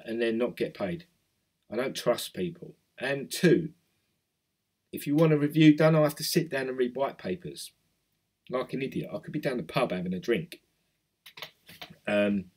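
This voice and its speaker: Male crypto vlogger, London accent, rambling casual chat. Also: mid-range voice. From South East London. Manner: chatty, rambling, reads out viewer comments. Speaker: crypto YouTuber. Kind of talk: casual chat with live chat viewers.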